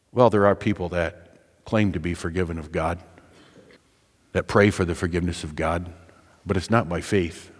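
A deep-voiced man preaching a sermon in a hall with a long reverb. He climbs to rising, emphatic peaks and then falls back to quiet, searching appeals. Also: breathy edge.

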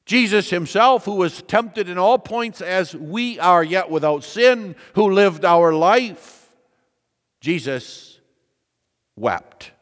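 A man preaches with measured, unhurried emphasis, building his points through repetition and questions to the congregation. His voice sits a little high for a man. The sound trails off in the long reverb of a large hall. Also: a bit bright. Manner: deliberate preaching with repeated phrases and rhetorical questions. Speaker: pastor. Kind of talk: sermon.

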